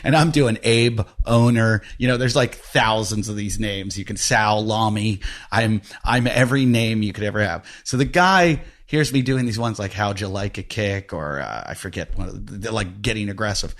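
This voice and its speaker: Brief: lower-pitched male podcast host, chatty and animated, laughs through his stories. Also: moderate pace. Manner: animated storyteller, laughs often, slips into quoted voices. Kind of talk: casual storytelling and ad read.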